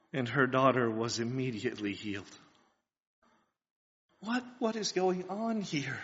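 A man's voice: medium pitch, expressive, measured pace, long pauses, fairly bright tone. A man preaching a sermon, earnest and building to fervent pleas, asking his listeners questions. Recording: dull lo-fi sound with long hall reverb.

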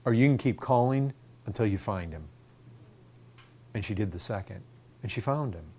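A man's voice: fairly low pitch, expressive, normal speed, mellow, husky. A man preaching a sermon, earnest and repetitive, building to fervent emphasis.

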